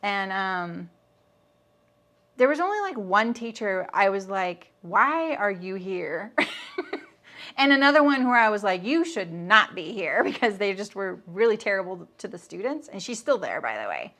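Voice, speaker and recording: A woman's voice: mid-range voice, big pitch swings, moderate pace, fairly bright tone. A middle-aged woman teaching a live sewing demonstration, chatting and answering viewer comments as she works. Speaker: sewing instructor.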